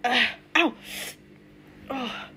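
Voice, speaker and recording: A woman's voice: sits high, very slow, sharp tone, slight background noise. A woman live-streaming while shaken and trembling after a fall, talking in rambling, repeated, restarting bits with some swearing, from the floor of her home. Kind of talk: unscripted live-stream talk.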